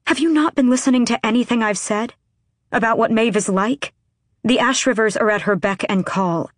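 Woman doing a defiant young queen, hissy and heated, lowish voice, no room echo. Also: measured pace, breathy edge, clean studio sound. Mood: indignant. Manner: heated, hissing, forceful. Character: fiery young queen, sharp-tongued and defiant.

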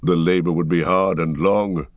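A man reading a gruff, blunt dwarf warrior. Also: low voice, fairly even intonation, moderate pace, dry recording, natural voice. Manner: blunt, practical.

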